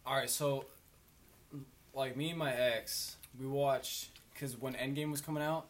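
A man's voice: mid-range voice, fairly even intonation, measured pace. A drunk young man telling a rambling, profane story in casual chat with friends.

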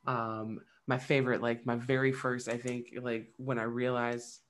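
A woman in her thirties, a podcast co-host, tells funny stories about her kids in a casual chat, swearing freely and acting out quoted voices. Her voice is extremely low and gravelly.

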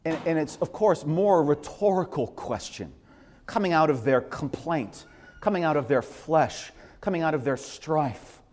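A man's voice: fairly high pitch, animated, normal speed, darkish tone. A man preaching a sermon as pastor, impassioned and driving his points home with repeated phrases, in a church sanctuary. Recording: long hall reverb.

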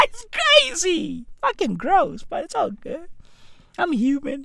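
Slangy swearing woman, lively pitch. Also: a little slow, gravelly, no room sound, studio quality. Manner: street-slang bro persona, swearing, shouty bursts. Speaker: comedic news commentator. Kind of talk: profane slangy comedy rant.

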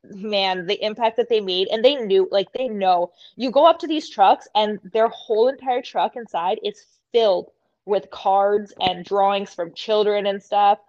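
A woman's voice: medium pitch, a little slow, darkish tone, no room sound, muffled recording. A woman from Canada, a podcast guest, telling emotional stories in casual chat and swearing freely.

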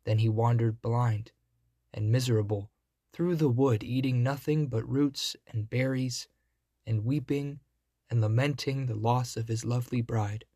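A man narrates a fairy tale in a measured storybook delivery. He takes his time, and his voice is husky. The recording is dry and close-miked. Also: mid-range voice, dark tone, no room sound.

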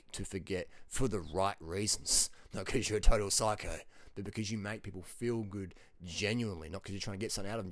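A man's voice: lowish voice, no room sound. A man giving a blunt, rambling motivational monologue as a diet vlogger, mocking his critics. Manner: brash, rambling, mocks critics in quick put-on voices.

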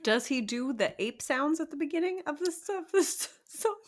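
A woman's voice: high voice, expressive, normal speed. A woman co-hosting a podcast in casual chat, chatty and playful, laughing often. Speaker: podcast co-host.

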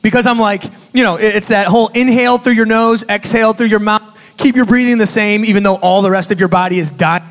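High-voiced man preaching in a reverberant hall. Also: quick pace. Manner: animated storytelling, conversational asides to audience. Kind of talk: sermon.

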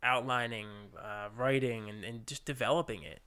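A man's voice: medium pitch, fairly even intonation, moderate pace, sharp tone, clear, resonant tone. A young adult man, a podcast guest, chatting casually and rambling upbeat, often saying dude. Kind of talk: casual chat.

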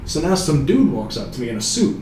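A man's voice: a little high, big pitch swings, brisk. A man around thirty telling a long dating story in loose, profane, casual chat. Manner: loose and profane, full of fillers, acts out quoted people. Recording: echoey room, mic far off, background noise.

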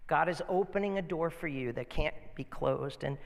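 A man's voice: a little high, moderate pace, gravelly. A man pastor preaching a sermon in a conversational, storytelling way. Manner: conversational, animated storytelling with restarts. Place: church sanctuary. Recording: church hall with long reverb.

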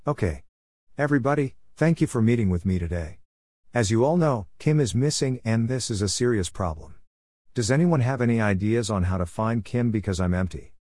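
A man's voice: medium pitch, lively intonation, fairly quick, a little mellow, no echo, studio quality, lightly acted. A man voicing an anxious young male pet who leads his friends, speaking earnestly in a slightly raised voice.

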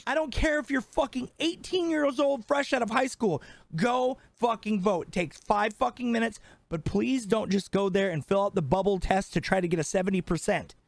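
A podcast co-host in his twenties, with a high, creaky voice at normal speed and no echo, launches into a heated, casual rant. He's fired up and emphatic, swearing constantly.

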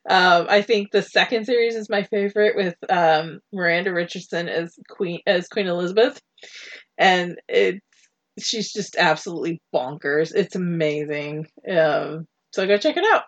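A woman's voice: lowish voice, normal speed, muffled recording. A woman co-hosting a podcast in casual chat, rambling with frequent laughs and restarts. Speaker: podcast co-host.

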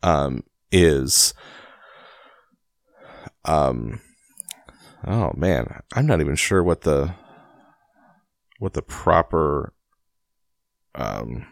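A man's voice: very deep voice, animated, extremely slow, creaky, long pauses, dry recording, studio quality. A man hosting a casual podcast, reading a book aloud at home in his basement late at night and rambling with a self-deprecating, laughing manner. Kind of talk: casual storybook reading and chat.

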